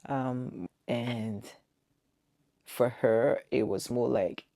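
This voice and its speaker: A woman's voice: extremely low pitch, steady tone, extremely slow, mellow, no room sound, studio quality. A woman in her forties telling an earnest, emotional personal story to camera, with quoted dialogue. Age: 40s. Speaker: vlogger.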